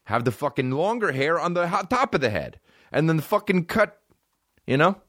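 A man's voice: fairly high pitch, very animated, moderate pace, a bit bright, no echo, studio quality. A young adult man hosting a comedy podcast, riffing in a profane, ranting monologue.

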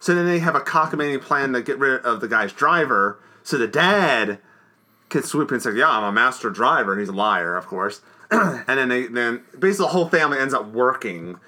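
Rambling man with a very bright voice. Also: medium pitch, sing-song, brisk. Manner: rambling, full of "like", keeps clearing his throat. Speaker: podcast co-host. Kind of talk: casual movie review chat.

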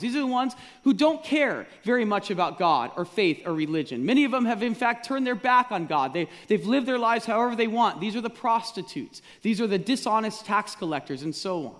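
A male pastor delivering a sermon in a high, very animated voice that climbs and drops as he presses his points. He poses question after question to the room and repeats phrases for emphasis. His voice rings out with the long reverb of a large church sanctuary. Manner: rhetorical questions, emphatic repetition.

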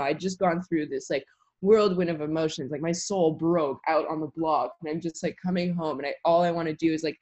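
A woman's voice: lowish voice, darkish tone, lo-fi sound. A young woman in her twenties, a tree planter telling a story in a casual interview, chatty and full of filler words. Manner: chatty, lots of "like" fillers, laughs while telling.

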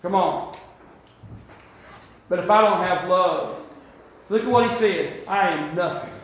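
A male pastor preaching a sermon, repeating words and building to shouts. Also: high voice, a little slow. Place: church sanctuary. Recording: very echoey church hall.

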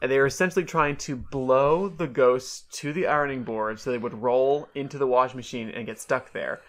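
Animated chatty woman podcaster. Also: extremely low pitch, brisk. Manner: chatty, animated, laughs often. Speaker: podcast co-host. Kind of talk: casual chat.

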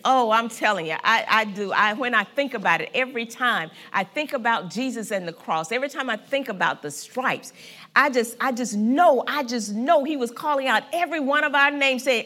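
A woman pastor preaches with fervor, her high voice swooping all over as she hammers home repeated lines. Her tone is bright and ringing, and she calls on the listeners to answer back. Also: lively intonation, moderate pace. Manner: fervent, emphatic preaching with repetition and call-and-response. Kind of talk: sermon.

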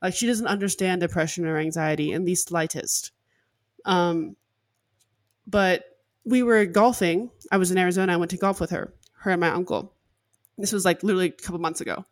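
A woman's voice: fairly low pitch, brisk, no echo, clean studio sound. A woman in her twenties hosting a podcast, chatting casually and candidly, with "like" filling many of her sentences. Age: 20s. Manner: candid, heavy use of "like" as filler. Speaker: podcast host. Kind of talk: casual chat.

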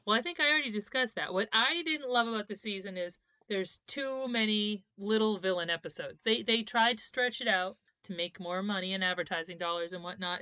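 A woman in her thirties co-hosts a casual podcast, chatty and full of opinions, laughing often. Her medium-pitched voice has a sharp tone, and the recording is dry.

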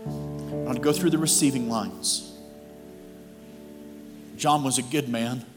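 A man's voice: medium pitch, takes it slowly. Male guest pastor, conversational storytelling sermon, music playing under a reverberant hall. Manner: humorous, anecdotal, conversational delivery. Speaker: guest preacher. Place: church.

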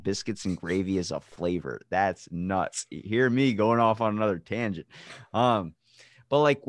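Here is a man with a low voice hosting a podcast in loose, casual chat. He wanders off onto tangents, loses his train of thought and swears freely. The sound is dry and close. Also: dry recording. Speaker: podcast host.

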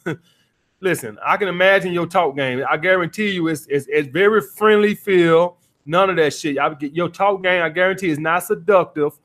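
A man's voice: high-pitched, normal speed, a bit bright. A man hosting a call-in dating advice podcast, blunt and profane, repeating his points as he coaches a caller.

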